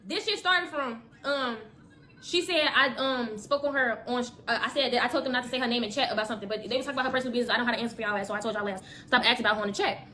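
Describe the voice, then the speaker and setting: A woman's voice: on the high side, racing, pushed and bright. A woman ranting on a livestream, defensive and rambling, using lots of slang. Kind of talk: casual livestream rant.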